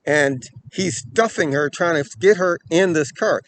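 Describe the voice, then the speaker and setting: A man's voice: a little high, unhurried, a little hiss or hum. Earnest man telling a story. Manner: earnest, repeats "okay" and "right", grows animated in the story. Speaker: self-defense channel host. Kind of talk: storytelling to camera.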